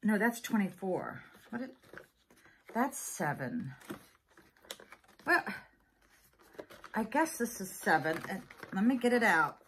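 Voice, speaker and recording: A woman's voice: medium pitch, sing-song, slow, long pauses, fairly bright tone, a little hiss or hum. A woman in her sixties chatting casually as she unboxes items, thinking aloud and laughing often. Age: 60s. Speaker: vlogger.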